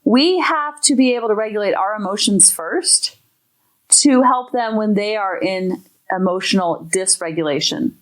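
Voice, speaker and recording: A woman's voice: mid-range voice, expressive, normal speed. A woman hosting a parenting podcast, talking in an emphatic, enthusiastic way. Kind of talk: podcast talk.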